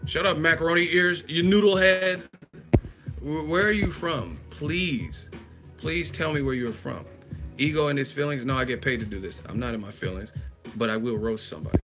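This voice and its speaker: Guy on a livestream roasting a chatter, cussing and cackling, average pitch, music playing. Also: expressive, moderate pace. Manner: profane, mocking, laughing. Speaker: livestream host. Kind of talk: live chat roast.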